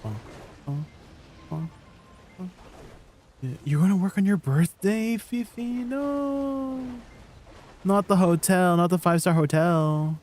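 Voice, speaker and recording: A man's voice: high-pitched, sing-song, slow pace, long pauses, darkish tone, soft background music. A man streaming a game, chatting casually and rambling, often asking his chat questions and laughing easily.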